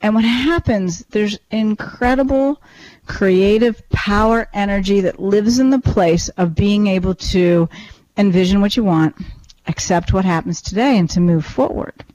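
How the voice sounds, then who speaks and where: A woman talking in a relaxed conversational way, reflecting thoughtfully as she shares ideas and anecdotes. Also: medium pitch, unhurried, dry recording, highs cut off. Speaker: podcast co-host and teacher. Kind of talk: casual chat.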